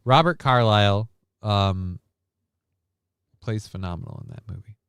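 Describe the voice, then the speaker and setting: Smooth-voiced joking male streamer. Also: on the low side, measured pace, fairly bright tone, no echo. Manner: joking, rambling, swears freely. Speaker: stream host. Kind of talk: casual chat reacting to news clips.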